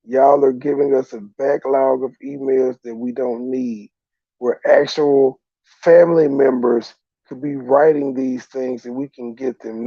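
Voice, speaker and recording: A man's voice: medium pitch, vocal fry, no echo, lo-fi sound, pitched below the performer's own voice. A man voicing a stern male federal government official, scolding and mocking.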